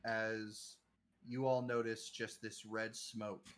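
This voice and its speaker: A man narrating a tabletop game as game master over an online call, in a measured way with frequent pauses. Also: on the low side, level tone.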